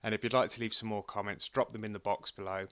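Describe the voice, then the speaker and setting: A man's voice: lowish voice, little pitch movement, fast talker, fairly bright tone, smooth, dry recording. A man giving casual, self-critical commentary on his own golf video game round and signing off to viewers. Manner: frank, self-critical, chatty sign-off. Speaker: gaming channel host.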